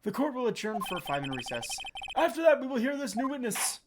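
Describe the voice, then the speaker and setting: A woman's voice: a little high, big pitch swings, fast talker, background noise. A woman playing a fussy old male judge. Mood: formal.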